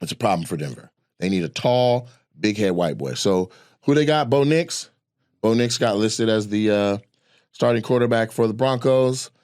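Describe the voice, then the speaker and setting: A man's voice: fairly low pitch, normal speed, no room sound, clean studio sound. A middle-aged man, a comedian, talking casually and animatedly about culture and his own career, telling stories and acting out quoted people. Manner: loose, animated storytelling with quoted voices and swearing. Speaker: comedian and podcast co-host. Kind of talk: casual opinion chat.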